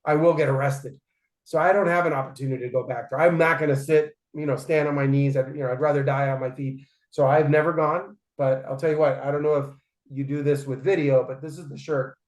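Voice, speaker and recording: A man's voice: fairly high pitch, steady tone, a little fast. A man in his forties, a podcast guest, telling stories emphatically and often checking in with "right?". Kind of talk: casual interview storytelling. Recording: roomy echoey room.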